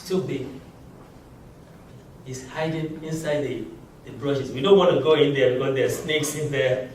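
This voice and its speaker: A man teaching a language class, giving slow, patient explanations and chuckling often. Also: on the high side, lively intonation, a little hiss or hum. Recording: very echoey room, mic far off.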